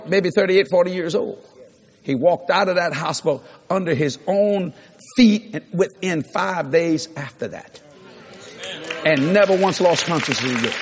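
A man preaching a sermon, telling a story with lively acted-out dialogue and repeating his key lines for emphasis. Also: on the high side, a little hiss or hum. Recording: long hall reverb.

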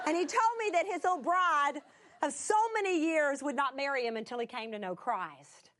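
A woman preaching through a personal story, animated, swinging from exclamations to hushed whispers. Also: sits high, normal speed, crowd noise, noisy background. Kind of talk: sermon storytelling.

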